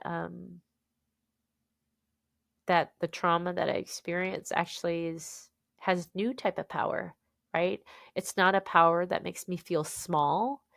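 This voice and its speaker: A woman in her thirties from the United States, an author telling stories as a guest on a podcast interview in an animated, expressive way. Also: lowish voice, measured pace, creaky, pauses often, no echo, studio quality.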